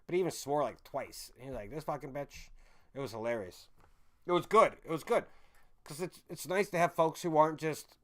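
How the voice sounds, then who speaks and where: A man's voice: a little high, lively intonation, fairly quick. Rambling, profane livestream host man. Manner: rambling, swearing, self-correcting. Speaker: livestream host chatting with viewers. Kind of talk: casual live-chat rambling.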